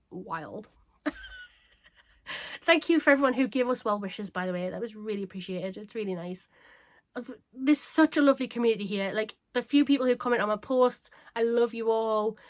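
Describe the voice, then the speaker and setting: A woman chatting casually to camera as a craft vlogger, bubbly and self-mocking, her voice a little croaky. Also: a little high. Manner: bubbly, excitable and self-deprecating. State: slightly croaky.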